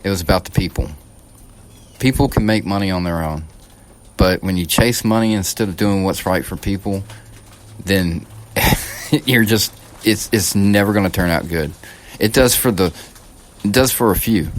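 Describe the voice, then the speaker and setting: A low-voiced man from the United States hosting his own podcast. He talks in a loose, rambling monologue that is blunt and profane, and he often restarts his sentences. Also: moderate pace, long pauses. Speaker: podcast host. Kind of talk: casual political monologue.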